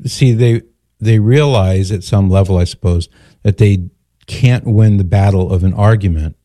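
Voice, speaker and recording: A man's voice: lowish voice, moderate pace, mellow, dry recording, studio quality. An older man, a grandfather, hosting a call-in radio talk show and lecturing emphatically on the issue. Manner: emphatic, lecturing, quotes others in mock voices.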